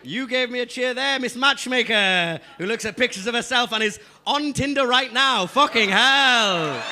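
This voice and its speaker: A man's voice: very high voice, sharp tone, slight background noise. A man from Newcastle doing a stand-up comedy set on a club stage, rowdy and swearing as he teases the crowd. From Newcastle upon Tyne, England.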